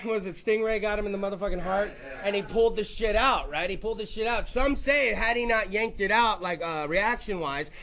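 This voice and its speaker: A man hosting a podcast, telling crude, rambling stories full of swearing and quick put-on voices. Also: very high-pitched, vocal fry, sharp tone. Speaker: podcast host. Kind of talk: crude comedic podcast rant.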